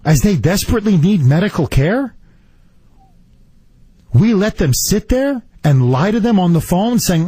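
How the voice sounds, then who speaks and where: Male talk radio host, high lively voice, husky edge, indignant and emphatic monologue, dry close sound. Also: unhurried, dry recording.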